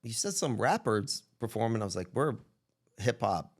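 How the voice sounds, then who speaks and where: A man guest from Texas telling stories in a casual interview, animated, acting out quoted dialogue with shifting voice. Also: lowish voice, normal speed. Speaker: guest entrepreneur.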